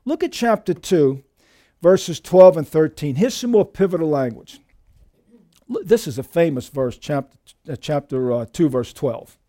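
Emphatic high-voiced male preacher. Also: a little slow. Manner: emphatic preaching with lively shifts in pitch and volume; addresses listeners as dear friends. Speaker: pastor. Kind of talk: sermon.

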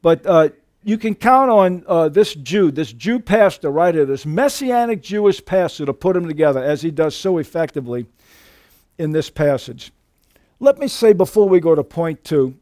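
A man preaching a sermon as a pastor, animated with folksy asides and frequent restarts. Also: high-pitched, normal speed, no room sound, clean studio sound.

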